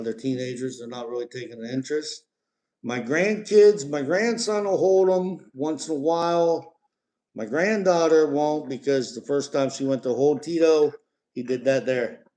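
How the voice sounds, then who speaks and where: A middle-aged man with a drawl talks easily and at length during a home live stream, his voice sitting at an ordinary, mid-range pitch. His chat rambles from one thought to the next, and he keeps pausing to coax and praise his parrot. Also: a little mellow.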